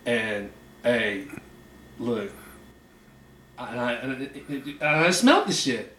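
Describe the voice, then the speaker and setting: A man co-hosting a podcast, telling a profane story in animated casual chat and hammering his punchlines. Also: mid-range voice, very slow, long pauses, roomy sound. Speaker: podcast co-host.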